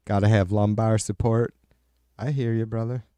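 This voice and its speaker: Man, middle-aged, livestream host, casual chat, profane, rambling, fairly low voice, dry sound. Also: little pitch movement, moderate pace, warm tone, smooth, no room sound.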